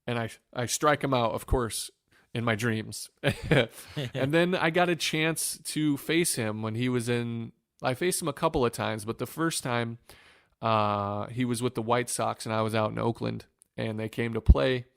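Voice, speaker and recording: A man, a former pro pitcher from Northwest Ohio, telling emotional stories in a podcast interview, with fillers and restarts. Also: normal speed, gravelly, fairly bright tone, smooth, no echo, studio quality. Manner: emotional, reflective storytelling with many fillers and restarts.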